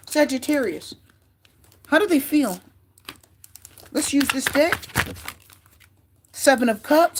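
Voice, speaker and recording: Tarot reader, woman, high-pitched, chatty and repetitive, talks straight to viewers. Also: a little hiss or hum. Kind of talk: casual tarot reading to camera.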